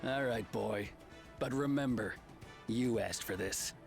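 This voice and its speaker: A man's voice: takes it slowly, vocal fry, soft background music. An actor playing a cornered male outlaw in a game, stammering and pleading, then threatening. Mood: menacing. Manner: stammering, pleading, turns to a low growl.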